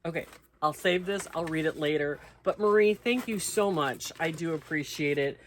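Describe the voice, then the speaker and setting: This American woman, host of a crochet channel, speaks at a normal speed in a low voice, with a little hiss or hum on the audio. Opening her mail, she reads the enclosed notes and thanks the senders in easygoing chat.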